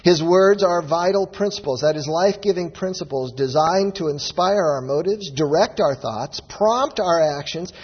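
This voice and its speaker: Husky high-pitched guy preaching a sermon, gets emphatic, muffled lo-fi sound with big hall echo. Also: moderate pace, few pauses. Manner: emphatic preaching, rising to exclamations. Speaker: pastor. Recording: dull lo-fi audio with long hall reverb.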